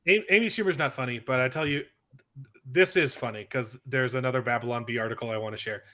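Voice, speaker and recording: A man's voice: mid-range voice, quick pace, bright, forceful tone. A man hosting a casual podcast, chatty and self-deprecating as he tells stories. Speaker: podcast host. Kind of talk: casual chat.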